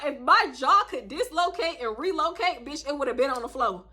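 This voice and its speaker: A woman's voice: high-pitched, expressive, normal speed, few pauses, pushed and bright. A young woman in her twenties with a Houston Black American accent, telling a dramatic storytime on her vlog, acting out quoted voices and swearing freely. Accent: African American Vernacular English, Houston. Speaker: storytime vlogger.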